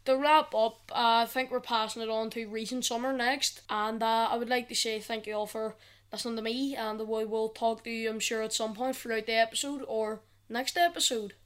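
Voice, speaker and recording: A teenage girl, giving an overview of the episode on a youth podcast in a slightly halting delivery. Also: fairly high pitch, steady tone.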